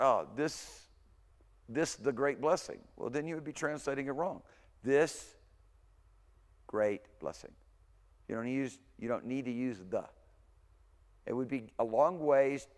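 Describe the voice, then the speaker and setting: Man lecturing in a reverberant room. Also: mid-range voice. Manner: informal, thinks aloud, corrects himself. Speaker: language lecturer. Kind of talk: recorded university lecture.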